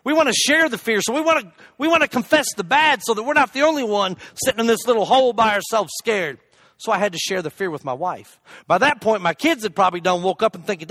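A man preaching a humorous sermon, telling a story in an animated, jokey way with loud shouted asides. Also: extremely high pitch, quick pace, no room sound.

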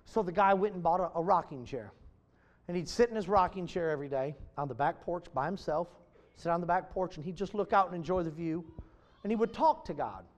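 A high-strung man preaching a sermon to a congregation, swinging from loud bursts to hushed, near-whispered lines. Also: a little fast, in a large hall.

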